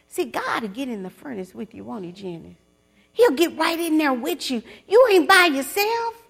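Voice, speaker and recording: A woman giving a testimony sermon to other women. She swings from loud preaching to hushed whispers and calls on listeners to repeat after her. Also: sits high, gravelly. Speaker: speaker at a women's gathering.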